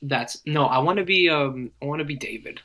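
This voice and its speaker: A man's voice: fairly high pitch, fairly quick, sharp tone. A young man joking around on a casual podcast chat. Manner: joking, playful. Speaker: podcast co-host.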